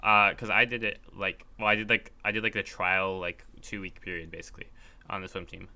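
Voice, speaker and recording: A man's voice: sits low, flat delivery, fairly quick, sharp tone, clean tone. A young man co-hosting a podcast, telling a story in casual chat, acting out quotes with a laugh. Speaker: podcast co-host.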